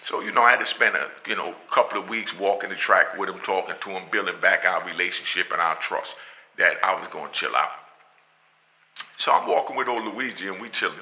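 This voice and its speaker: Middle-aged male storyteller, animated and chatty, gravelly with a hard edge. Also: deep voice, a little fast, low-quality recording. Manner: animated, often asks "you know what I mean", laughs between lines. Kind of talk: casual storytelling.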